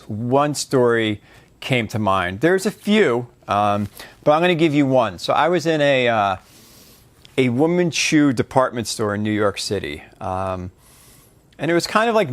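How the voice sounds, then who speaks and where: A dating coach, a man with a mid-pitched voice, tells a story straight to camera. His delivery is loose and rambling, full of fillers and restarts. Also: sing-song, unhurried.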